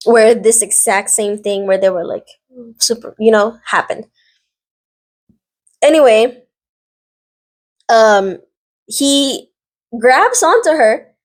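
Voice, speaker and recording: Chatty young woman, slightly high voice. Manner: rambling, filler-heavy, sassy asides. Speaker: vlogger recapping a drama series. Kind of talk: casual chatty recap.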